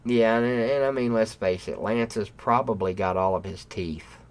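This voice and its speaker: A man hosting a livestream, rambling and cursing with bursts of loud mock outrage at his live chat. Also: on the low side, normal speed, smooth. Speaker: livestream host. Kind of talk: casual profane rant to live chat. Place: room at home.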